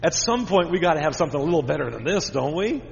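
Man, pastor, children's sermon, fairly high voice, long church reverb, dull sound. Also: big pitch swings, fast, gravelly, a little hiss or hum. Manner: asks children many simple questions.

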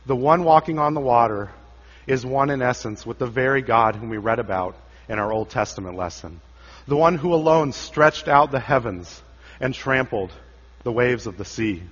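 A man preaching a sermon, dramatic, rising loud for quoted cries and dropping low and quiet for solemn lines. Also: slightly rough. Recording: dull sound with long church reverb.

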